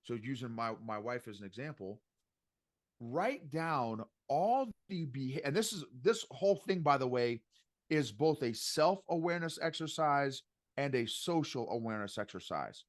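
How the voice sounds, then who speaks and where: A middle-aged man coaching on emotional intelligence as a podcast guest, talking in an animated, emphatic way and repeating his points. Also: mid-range voice, normal speed. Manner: animated and emphatic, repeats phrases, says "bro". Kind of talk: casual podcast interview.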